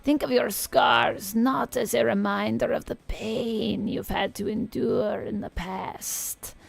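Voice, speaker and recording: A woman voicing a crackly old Eastern European witch, reading tarot slowly and solemnly. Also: fairly high pitch, steady tone, exaggerated voice. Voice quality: crackly, gravelly. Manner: slow, solemn fortune-telling.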